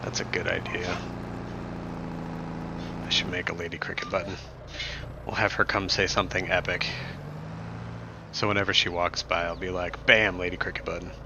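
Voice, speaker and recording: A man's voice: low voice, little pitch movement, moderate pace, vocal fry, long pauses. A young man streaming a game, chatting casually and jokingly as he reads chat aloud. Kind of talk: live gameplay stream chat. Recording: muffled, noisy recording.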